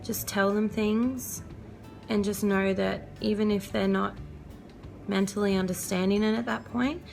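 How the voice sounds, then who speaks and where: A young woman talks to camera in a chatty, earnest way, sharing parenting tips as a mum. Her mid-pitched voice has a gravelly, creaky edge, and soft music plays faintly underneath. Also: fairly even intonation, a little slow. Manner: chatty, earnest, laughs often. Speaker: vlogger and mother. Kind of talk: casual parenting advice vlog.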